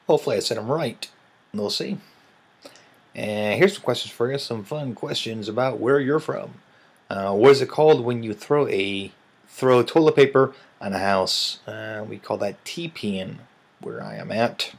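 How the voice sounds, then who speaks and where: A man's voice: on the low side, moderate pace, creaky, husky, low-quality recording. Tired, rambling Midwestern man. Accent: Midwestern American. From Illinois, raised in Missouri. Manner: relaxed, rambling, yawning between words. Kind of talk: casual vlog, answering questions.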